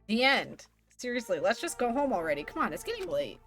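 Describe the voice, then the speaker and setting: A woman streamer with a somewhat high voice that swoops widely, reading game dialogue aloud in playful put-on voices. Game music plays faintly behind her. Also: a little fast. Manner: animated, reads characters' lines with playful voices and laughs.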